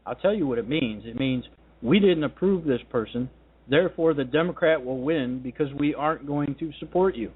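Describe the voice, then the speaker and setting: A man's voice: medium pitch, normal speed, breathy edge. A man hosting a political talk radio show, delivering a combative, ranting monologue. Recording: tinny phone-line sound.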